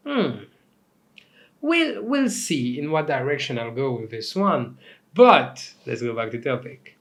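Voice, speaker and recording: A young man from Mauritius hosts his own comedy commentary, mid-pitched and loose. He rambles through asides, swears freely and jumps between mock outrage and quiet muttering. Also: big pitch swings, slow pace. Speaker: host.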